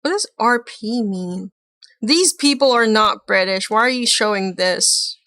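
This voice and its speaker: A woman's voice: fairly high pitch, unhurried, pushed and bright, no room sound. A woman streaming, reacting to videos with casual commentary and joking, laughing asides.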